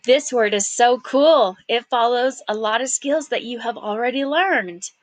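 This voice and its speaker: A woman's voice: fairly high pitch, a little slow, no room sound. A woman teaching a phonics lesson, carefully sounding out words and encouraging the learner, sometimes whispering a word as she repeats it. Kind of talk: slow, clear phonics lesson.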